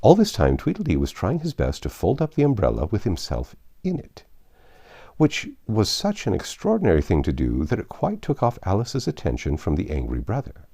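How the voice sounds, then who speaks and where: Deep, gravelly male storybook narrator. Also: moderate pace. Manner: expressive, theatrical reading. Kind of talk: scripted narration of a classic novel.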